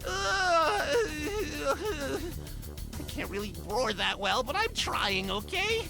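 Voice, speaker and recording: Nerd, a squeaky little creature. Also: male voice, very animated, very slow, gravelly, heavily acted. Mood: earnest. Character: small timid creature named Nerd, trying to roar. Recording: demo reel with music bed.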